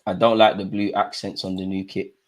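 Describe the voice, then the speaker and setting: A young man hosting a live football watch-along, commentating casually with slang and shouting at the referee. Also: low voice, level tone, a little fast.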